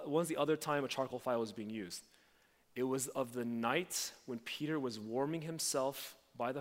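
A preacher in a reverberant hall. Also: male voice, mid-range voice. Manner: animated, acts out quoted voices, talks to the congregation. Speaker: pastor. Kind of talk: sermon. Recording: long reverb of a large hall.

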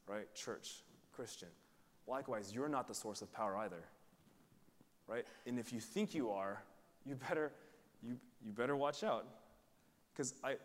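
A man preaching a sermon to his church in a casual, joking, conversational way, often checking in with "right?". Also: medium pitch. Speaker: pastor. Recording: long hall reverb.

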